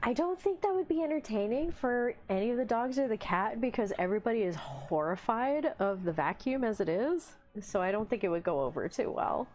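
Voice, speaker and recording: A woman's voice: on the high side, lively intonation, a little fast, hardly any pauses, darkish tone, highs cut off. Chatty woman hosting a hobby stream. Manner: chatty, talks to her pets in a baby voice and answers chat. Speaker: livestream host. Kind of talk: casual chat while painting miniatures.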